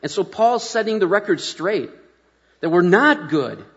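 A man's voice: high voice, sing-song, unhurried, a bit bright. A middle-aged man preaching a sermon in a folksy, self-deprecating, conversational way, often restarting his sentences. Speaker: pastor. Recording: muffled sound with long hall reverb.

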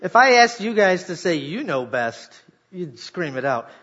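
A man preaching a sermon, animated and jokey, talking directly to a congregation and leading them in call-and-response. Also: high voice, a little slow, breathy edge, lo-fi sound. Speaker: pastor.

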